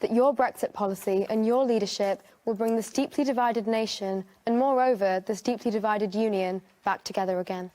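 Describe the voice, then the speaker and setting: A woman in a debate audience asking a formal question, deliberate and stressing key words. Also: medium pitch, warm tone.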